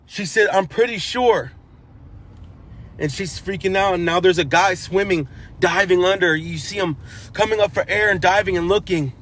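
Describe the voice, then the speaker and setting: Man with a somewhat high voice recounting events in earnest, repetitive and urgent. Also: steady tone, a little fast, fairly bright tone. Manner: earnest, repetitive, grows urgent while retelling; repeats phrases and restarts. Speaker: eyewitness. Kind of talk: emotional first-person recounting.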